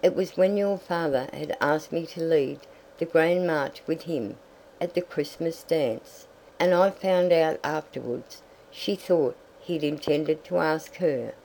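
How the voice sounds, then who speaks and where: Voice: medium pitch, slow, darkish tone, a little hiss or hum, poor audio. A reader voicing a stoic, plain-spoken farm mother in an audiobook, firm and direct. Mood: tender. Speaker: story character. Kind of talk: audiobook reading.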